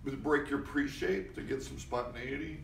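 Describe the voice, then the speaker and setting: With vocal fry in his mid-range voice and a moderate pace, a guest actor tells anecdotes to a live audience at an interview event. He talks loosely, restarting and swearing often while impersonating those he quotes. The background is noisy, the room echoes, and the mic is far away.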